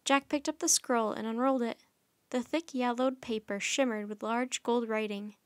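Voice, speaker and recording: A woman reading a children's chapter book aloud for storytime, her voice high and light. She tells the story in a gentle, friendly, unhurried way. The recording is dry and close, with no room echo. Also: fairly even intonation.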